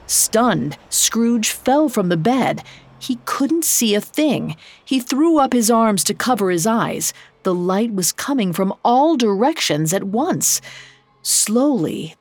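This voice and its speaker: A woman narrating a scripted story in a measured, unhurried manner. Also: mid-range voice, no room sound.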